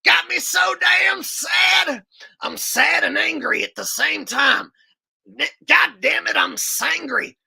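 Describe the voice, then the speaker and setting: A man doing an impression of a ranting radio host, sobbing and furious, with a high shouted voice. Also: slow, gravelly, exaggerated voice. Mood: sobbing rage. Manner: wailing and bellowing rant.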